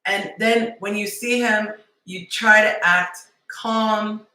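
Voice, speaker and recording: Playful bright-voiced woman coaching live. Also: mid-range voice, steady tone, recorded from a distance. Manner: playful, acts out scenarios in quick character voices and whispers. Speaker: dating coach hosting a live stream. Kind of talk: animated live-stream coaching talk. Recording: echoey room, voice heard from off the mic.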